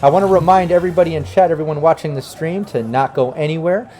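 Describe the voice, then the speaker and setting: A man's voice: on the high side, fast, warm tone, a little hiss or hum. A man hosting a tabletop game stream as game master, narrating a scene and signing off in a loose, casual way. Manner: casual, profane, with fillers.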